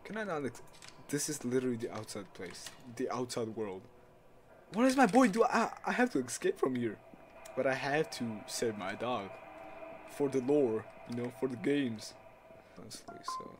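A young man with a mid-range voice plays a horror game for his YouTube channel at a moderate pace, with a little hiss or hum in the audio. He swears a lot and repeats himself, and he's loud, excitable and jumpy, yelping and screaming at every scare.

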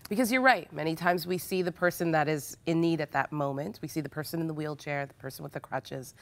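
Woman host with a lowish voice. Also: quick pace. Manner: attentive, frequent murmured affirmations. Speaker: talk show host. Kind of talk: Christian TV interview.

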